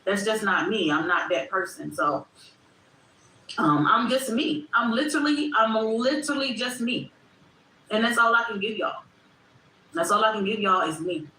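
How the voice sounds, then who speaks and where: A livestream host talks straight to her chat, repeating herself and sounding reflective. Her medium-pitched voice has a sharp tone and moves at a moderate pace. The room is echoey, with faint background noise.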